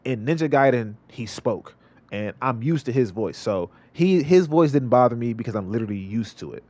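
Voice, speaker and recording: A man's voice: medium pitch, lively intonation, moderate pace, darkish tone, no room sound. A male streamer giving casual gameplay commentary, rambling and repeating himself with many restarts. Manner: rambling, repetitive, lots of restarts.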